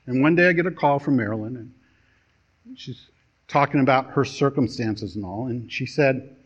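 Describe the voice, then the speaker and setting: A man pastor preaching a sermon, telling a story with dramatic pauses and a storytelling delivery. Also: medium pitch, husky. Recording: dull lo-fi sermon recording.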